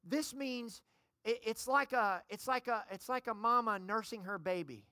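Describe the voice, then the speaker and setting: Bright-voiced woman pastor preaching. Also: on the high side, normal speed, dry recording, clean studio sound. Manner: preaching, calls for amens from the congregation. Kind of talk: sermon.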